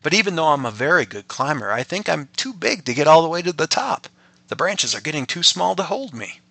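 A man's voice: fairly high pitch, big pitch swings, a little fast, vocal fry, bright, forceful tone, no echo, voice pushed up, exaggerated voice. A man voicing a stubborn, brave young princess in a bedtime story. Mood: earnest. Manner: determined, polite.

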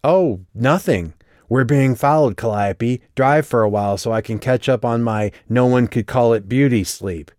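A man's voice: medium pitch, animated, measured pace, darkish tone, dry recording, studio quality, voice pushed up, natural voice. A man reading the lines of a curt, sarcastic young woman in an audiobook. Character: sharp-tongued, irritated young woman driver.

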